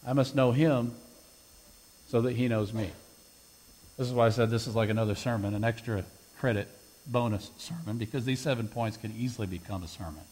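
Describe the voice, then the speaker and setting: A man's voice: medium pitch, brisk, darkish tone, big-room sound, rough recording. A man preaching a sermon with an invitation, quoting scripture emphatically and pressing his listeners with questions. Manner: emphatic, rising on scripture quotes.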